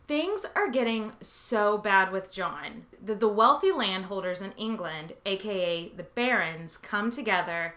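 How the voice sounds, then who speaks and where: Bright, lively sarcastic woman host. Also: mid-range voice, measured pace, hardly any pauses. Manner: sarcastic, swearing, dramatic asides and silly quoted voices. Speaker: podcast host. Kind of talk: scripted comedic history monologue.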